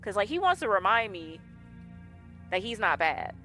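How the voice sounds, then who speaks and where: Very animated and forceful, this woman streamer speaks at normal speed in a bright, medium-pitched voice. While playing, she chats and tells stories, laughing plenty and acting out quoted dialogue. Faint game music plays behind her.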